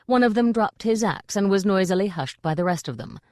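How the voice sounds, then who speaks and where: A woman reading an audiobook in a measured storytelling manner. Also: medium pitch, animated, a little mellow, dry recording, clean studio sound. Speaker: audiobook narrator. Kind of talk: scripted audiobook narration.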